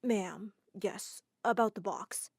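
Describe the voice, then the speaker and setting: An oblivious, formal male teacher in an animated drama, as a woman narrator puts him on. He talks stiffly and stays calm. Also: mid-range voice, slow pace, creaky, husky, no echo, clean studio sound, full character voice. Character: odd, clueless male teacher.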